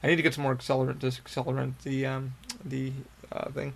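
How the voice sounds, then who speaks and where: A young man recounts a personal story on his podcast in a loose, meandering monologue. His voice is heavily gravelly and stays flat in pitch, sitting at an ordinary male height. He swears freely and circles back on himself with fillers and restarts. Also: fast talker. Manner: rambling, profane, full of fillers and restarts. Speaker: podcast host.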